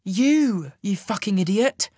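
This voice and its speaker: Guy doing a high blunt young woman, fierce and pushy, lively delivery. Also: takes it slowly, breathy edge, no room sound, studio quality, heavily acted. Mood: quiet intense. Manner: blunt and demanding.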